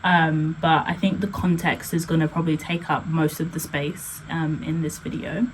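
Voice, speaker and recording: Chatty woman with a lowish voice. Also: level tone, moderate pace, slight background noise, low-quality recording. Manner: chatty, heavy use of "like" and "um" fillers. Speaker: blogger and poet. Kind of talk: casual vlog talk.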